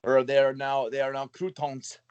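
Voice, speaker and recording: A man's voice: mid-range voice, little pitch movement, normal speed, a little mellow, clean tone, no room sound, highs cut off. Young male co-host, mid voice, loose and rambling riffs. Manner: rambling, trails off and restarts. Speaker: podcast co-host. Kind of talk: casual comedic chat.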